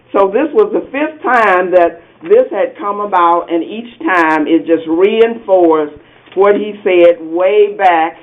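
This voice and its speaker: A man teaching a lively Sunday school Bible class, quizzing the group and laughing often. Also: high voice. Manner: animated, asks the class questions and laughs often. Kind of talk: interactive Bible lesson. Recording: tinny phone-like sound.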